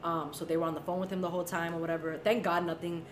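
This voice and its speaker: A woman's voice: lowish voice, racing. A young woman co-hosting a podcast, telling a story in casual chat and acting out the voices of the people in it. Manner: animated, acts out voices in her stories. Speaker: podcast co-host. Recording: echoey room with faint noise.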